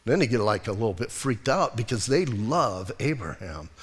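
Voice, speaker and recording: A man's voice: on the low side, sing-song, normal speed, breathy edge. A male pastor preaching a sermon in a conversational way, teasing his congregation. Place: church sanctuary. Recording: long hall reverb.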